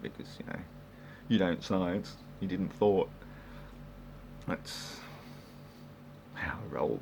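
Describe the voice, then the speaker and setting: An Australian man talks in a slow, rambling monologue with a deep, gravelly voice. He is sarcastic and swears freely, and faint ambient noise sits behind him. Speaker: vlogger.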